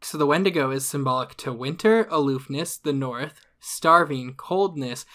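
A man's voice: fairly high pitch, normal speed, fairly bright tone. A man hosting a casual comedic podcast who explains the topic from notes to his cohosts and laughs at his own jokes. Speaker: podcast host presenting the topic. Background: other hosts talking.

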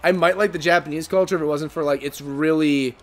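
A man's voice: a little high, steady tone, fairly quick. A man in his twenties from the United States chatting casually while playing a video game, rambling with lots of fillers and restarts. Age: 20s. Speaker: gaming co-host. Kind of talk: casual chat over gameplay.

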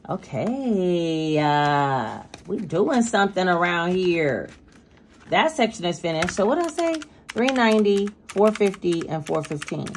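A woman with a gently tinged voice chats through a budgeting vlog, counting bills out loud as she goes. Her voice sits a bit low but swings up and down a lot. Faint room noise sits behind her. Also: very animated, a little slow. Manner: chatty, counts cash aloud while talking to viewers. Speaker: budgeting vlogger. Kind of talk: casual cash-stuffing vlog.

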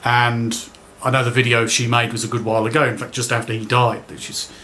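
A man's voice: medium pitch, flat delivery, brisk, sharp tone, slight background noise. A man giving sarcastic, dismissive commentary. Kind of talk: critical commentary.

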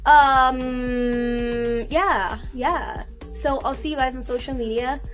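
A woman's voice: sits high, steady tone, slow pace, a bit bright, faint music behind. A young woman from South Africa with an accent mixing South African and American, chatting casually and rambling to her camera. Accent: mixed South African and American. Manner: rambling, chatty, self-deprecating. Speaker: vlogger.

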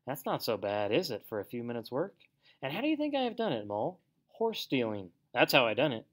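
A man's voice: medium pitch, huge pitch swings, a little fast. A man playing a conceited storybook toad who brags and puffs himself up, his voice swooping up and down. A vain, showy animal. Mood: boastful. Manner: bragging, puffed up. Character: boastful conceited male toad.

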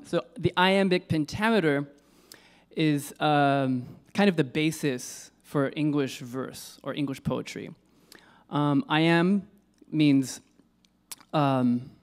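A man's voice: on the high side, fairly even intonation, takes it slowly, smooth. A man giving an informal lecture on poetry. He hesitates, corrects himself and uses many fillers.

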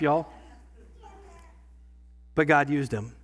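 A pastor preaching a sermon in a church, talking conversationally and swinging from quiet asides to loud bursts. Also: male voice, mid-range voice, moderate pace. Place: church sanctuary.

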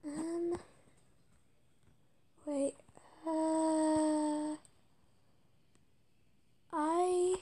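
A woman playing a video game, reading its text aloud haltingly and muttering whispered asides between stumbles. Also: high-pitched, warm tone. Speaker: let's-play gamer.

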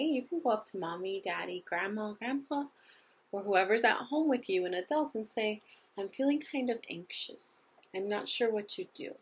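Gentle, breathy woman teaching young children. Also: medium pitch. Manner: gentle, patient, asks children questions. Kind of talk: children's lesson.

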